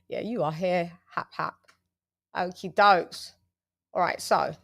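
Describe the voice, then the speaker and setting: A woman's voice: lowish voice, slow, vocal fry, pauses often. A woman hosting a casual livestream chat, playful, with sing-song hype introductions. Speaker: host.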